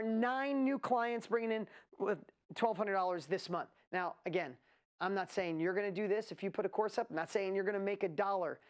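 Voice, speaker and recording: A woman hosting a live online event, talking in an excitable, rambling way as she builds hype. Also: medium pitch. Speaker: event host. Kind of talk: energetic live webinar presentation.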